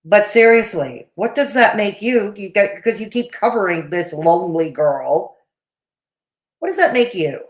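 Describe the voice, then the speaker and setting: A woman's voice: medium pitch, lively intonation, measured pace, echoey room. A woman hosting a casual reaction chat, blunt and dismissive, with the hiccups. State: has the hiccups. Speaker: commentary channel host.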